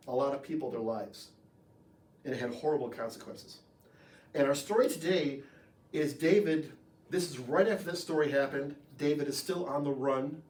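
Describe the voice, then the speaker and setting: An American man preaching a sermon as pastor, in a conversational, animated way with jokes. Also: mid-range voice. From United States. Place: church sanctuary. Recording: echoey room, voice from far off the mic.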